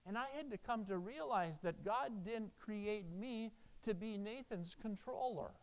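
Man, pastor, sermon, emphatic, smooth clear tone. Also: sits high, a little slow. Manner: emphatic, earnest, animated storytelling.

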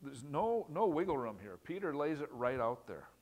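A pastor delivers a teaching sermon in a slightly higher voice, speaking plainly and conversationally, questioning his listeners and repeating phrases for emphasis. His pitch swings widely, his pace is moderate, and his tone is a little mellow.

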